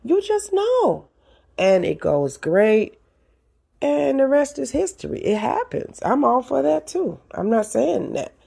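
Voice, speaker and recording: Animated woman giving advice, gravelly voice. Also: on the high side, a little slow. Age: older. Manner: animated, preachy, addresses listeners directly. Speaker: podcast host. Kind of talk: casual advice talk.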